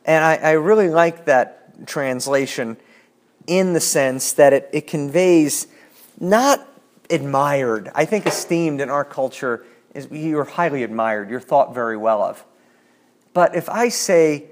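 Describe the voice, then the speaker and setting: A man's voice: on the high side, measured pace. A man leading a Bible study, explaining passages in a thoughtful, searching way and reading scripture aloud. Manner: thoughtful, reads scripture aloud, frequent restarts.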